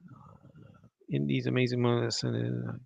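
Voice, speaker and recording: A man's voice: mid-range voice, flat delivery, takes it slowly, gravelly, darkish tone, dry recording. A man teaching and then commenting on news clips in a loose, conversational way, with scornful asides. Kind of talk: casual online commentary. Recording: dull lo-fi dry sound.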